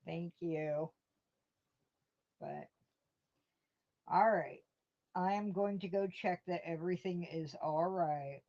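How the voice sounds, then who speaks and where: A woman's voice: lowish voice, slow pace, pauses often, dark tone. A woman hosting a casual live stream from home, rambling through stories and answering her chat with chuckles. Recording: dull lo-fi stream audio.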